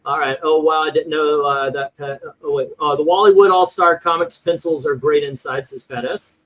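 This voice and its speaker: A man's voice: on the high side, steady tone, normal speed, fairly bright tone, poor audio. A man hosting a casual livestream chat, reading viewer comments and scores aloud with many fillers. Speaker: host.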